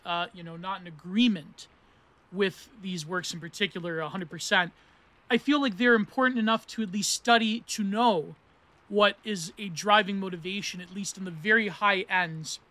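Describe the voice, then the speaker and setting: Rambling thirty-year-old man, bright high voice. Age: 30s. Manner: rambling, self-correcting, academic with meme slang. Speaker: podcast host reviewing philosophy books. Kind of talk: casual spoken book review.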